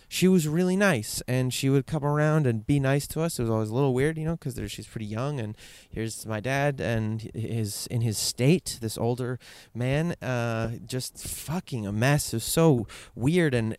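A man's voice: mid-range voice, normal speed, a little mellow, clear, resonant tone, dry recording. A man telling a candid personal story, rambling and swearing, with many fillers and restarts.

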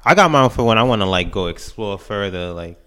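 A man's voice: lowish voice, expressive, brisk, pushed and bright. A man in a casual podcast chat, easygoing and explaining things at length.

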